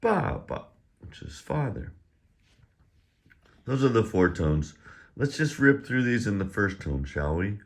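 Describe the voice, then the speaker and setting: A man's voice: lowish voice, sing-song, measured pace, pauses often. A man teaching a pronunciation lesson. He drills syllables one by one in a raised voice, then explains them in a plain conversational tone. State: slightly out of breath. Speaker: language teacher.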